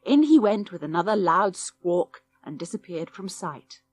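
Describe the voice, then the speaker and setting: A woman reading a children's audiobook in a lively, expressive storytelling voice. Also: on the low side, unhurried, no room sound. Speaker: audiobook narrator.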